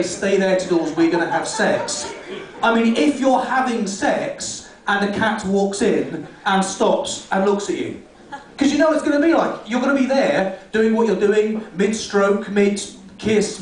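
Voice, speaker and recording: A man doing a rambling, rude, self-mocking stand-up set on a comedy club stage, heard from far off in an echoey room. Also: high-pitched.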